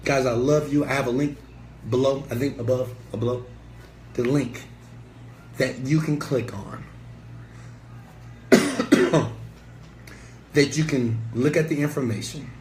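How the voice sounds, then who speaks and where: A man's voice: medium pitch, steady tone, a little slow, long pauses, darkish tone. A man giving a passionate, preachy motivational talk to camera as an entrepreneur and mentor, emphatic and sometimes swearing. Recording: echoey room with faint ambient noise.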